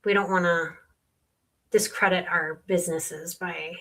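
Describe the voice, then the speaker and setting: A woman's voice: on the low side, fairly even intonation, unhurried, fairly bright tone. A middle-aged woman, a sales tax consultant, explaining earnestly with client stories in a podcast conversation.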